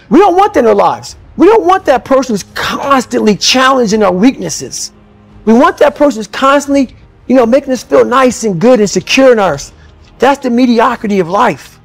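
A man delivers a blunt, intense motivational talk in a fairly high voice. He swings from low, brooding stretches to loud, fired-up bursts. Faint music plays underneath the clips. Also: lively intonation, normal speed, gravelly. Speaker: motivational speaker. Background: motivational background music.

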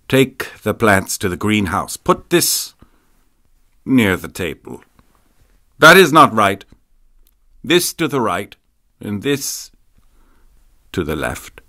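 Commanding dying old woman, high and breathy, barely above a whisper, voiced by a man. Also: big pitch swings, slow, pauses often, full character voice. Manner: weak, hushed near-whisper barking orders.

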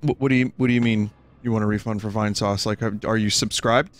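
A man's voice: on the low side, steady tone, fast, pitched below the performer's own voice, natural voice. A man voicing a flustered male customer support agent, who is polite but baffled by a caller.

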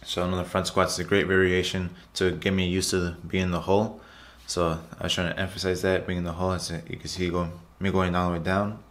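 A fitness vlogger narrates his workout footage in a low, level-toned voice, a little fast and with hardly any pauses. His casual voiceover is loose, chatty and repetitive, regularly calling out "guys" to viewers.

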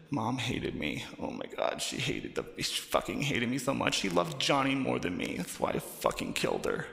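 A man's voice: mid-range voice, creaky, a bit bright, exaggerated voice. A man doing a scheming woman faking tears. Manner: crude, self-mocking inner monologue full of swearing. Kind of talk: parody inner monologue. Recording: echoey room with long reverb.

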